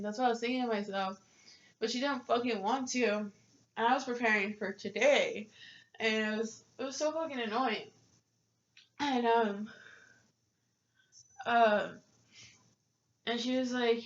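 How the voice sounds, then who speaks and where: A young woman with a fairly high voice rants about work in a frustrated, profane way, her talk full of filler ums. The recording sounds dull and lo-fi. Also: measured pace, pauses often. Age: young adult. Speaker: vlogger. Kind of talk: casual rant to camera.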